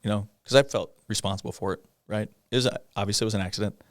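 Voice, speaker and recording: Speaking as a guest, this middle-aged police officer has a lowish voice and a steady tone, captured close and dry without any room sound. He recounts a personal story to an interviewer haltingly and conversationally, pausing often on fillers and sometimes letting out a rueful laugh.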